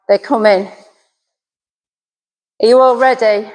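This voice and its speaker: A woman's voice: on the high side, unhurried. A middle-aged woman, a dog trainer giving a chatty, self-deprecating puppy class. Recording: reverberant hall.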